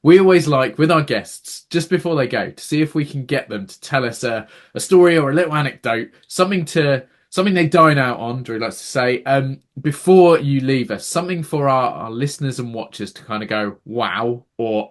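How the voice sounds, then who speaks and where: A man's voice: medium pitch, animated, brisk, hardly any pauses. A man hosting a casual podcast interview, effusive with praise and thanks. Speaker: podcast host.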